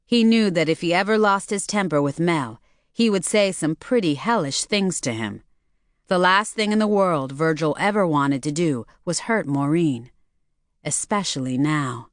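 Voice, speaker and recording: A woman reads a novel aloud in a steady, measured manner, her voice low for a woman. The recording is close and dry with no room sound. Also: no room sound. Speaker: audiobook narrator. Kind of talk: scripted narration.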